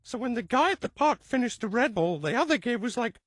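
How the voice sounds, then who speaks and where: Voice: medium pitch, animated, fast talker, few pauses, dry recording. A storyteller rambling through an improvised tale, restarting sentences and quoting characters with "he's like".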